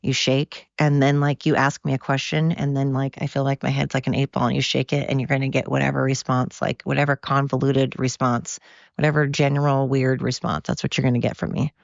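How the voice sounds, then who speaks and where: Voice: mid-range voice, flat delivery, a little fast, gravelly, no room sound. An American podcast host in a casual, profane monologue, tired from overwork and going off on tangents. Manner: rambling, profane, goes off on tangents. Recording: dull lo-fi dry recording.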